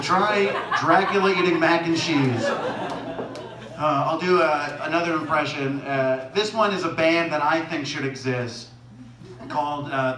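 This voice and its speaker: A man doing a rambling, self-mocking stand-up set, laughing at his own jokes. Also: on the high side. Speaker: stand-up comedian. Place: small comedy venue with audience. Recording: echoey room from far off, noisy.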